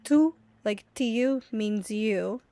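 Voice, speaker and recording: A woman's voice: medium pitch, slow, mellow. A woman from the United States casually chatting while streaming a game, explaining words to her chat at an easy pace. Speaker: streamer and mother.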